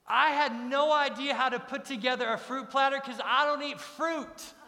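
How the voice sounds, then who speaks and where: A man's voice: extremely high pitch, fairly even intonation, normal speed, bright, forceful tone. A middle-aged man preaching a sermon as pastor, emphatic and repeating his key lines. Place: church sanctuary. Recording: long reverb of a large church hall.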